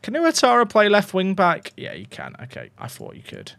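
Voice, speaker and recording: A man's voice: high voice, huge pitch swings, normal speed, vocal fry, a bit bright. A man livestreaming a football management game, talking to his chat in a despairing, dramatic way and swearing. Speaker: streamer. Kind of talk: casual livestream gaming commentary.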